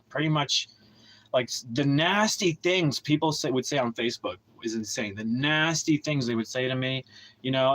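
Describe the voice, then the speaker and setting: A man's voice: medium pitch, low-quality recording. A man hosting a livestream, ranting in a heated, profane, rambling way with many restarts and a bitter, aggrieved tone. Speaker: livestream host.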